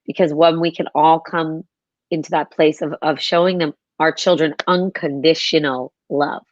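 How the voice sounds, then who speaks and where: A woman's voice: deep voice, steady tone, normal speed, no room sound, lo-fi sound. A woman hosting an interview, affirming her guest and thinking aloud with many restarts. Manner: warmly affirming, rambling with restarts. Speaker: podcast host. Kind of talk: conversational interview.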